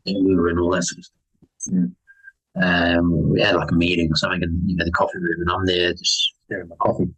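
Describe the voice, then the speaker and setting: A young man, chatting casually on a podcast as a guest and telling stories with lively acted-out voices. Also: sits low, a little fast, husky, rough recording. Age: young adult. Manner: animated storytelling, acts out other people's lines. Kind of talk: casual chat.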